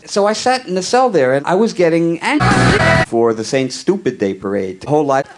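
A male comedian telling a long comic story in a wry, conversational way, with deadpan asides. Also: fairly high pitch, moderate pace, over loud music.

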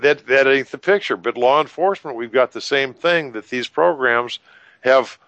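A man talking on a radio show in a measured, folksy, plainspoken way. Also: mid-range voice, a bit bright, dry recording, lo-fi sound. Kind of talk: talk radio discussion.

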